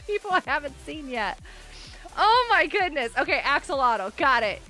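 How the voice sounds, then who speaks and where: Soft background music plays as this streamer, bubbly and giggly despite a headache, talks to her chat. Her high-pitched voice is expressive, pushed, and bright, moving at a measured pace.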